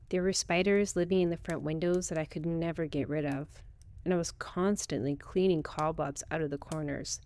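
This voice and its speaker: Lower-voiced woman reading a ghost story. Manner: calm first-person storytelling. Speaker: narrator. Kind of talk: scripted ghost story narration.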